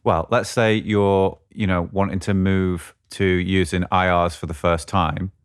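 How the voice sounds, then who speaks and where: A man's voice: low-pitched, steady tone, measured pace, clean tone. A man co-hosting a podcast, chatting casually about guitar gear and often thinking aloud as he searches for words. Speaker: podcast co-host.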